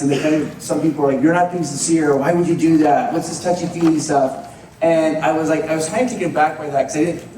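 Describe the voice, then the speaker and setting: A fairly high-voiced man tells an earnest, heartfelt story to a convention crowd. His voice rings through a large echoey hall, picked up from some distance away. A faint hum of the hall sits underneath. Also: a little mellow. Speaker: panel guest.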